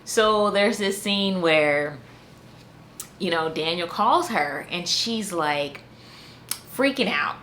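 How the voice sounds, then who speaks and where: A woman chats through a casual book review in a somewhat low voice. She fills pauses with "um" and "you know" and often restarts her sentences. A faint hiss sits behind her speech. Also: expressive, a bit bright. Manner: chatty, full of fillers and restarts.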